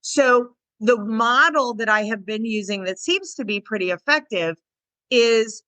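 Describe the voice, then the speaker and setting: A chatty woman dog trainer co-hosting a podcast, talking in a bright, forceful voice a little above the usual pitch. She acts out small bits of dialogue as she goes. The sound is close and dry. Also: unhurried, no echo. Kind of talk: casual podcast chat.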